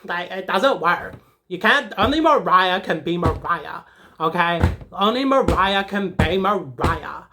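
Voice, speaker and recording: A woman's voice: on the low side, expressive, a little slow, noisy background. A woman playing a sassy, dramatic teenage schoolgirl in a comedic character monologue, rambling and emotional with lots of "like". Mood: indignant.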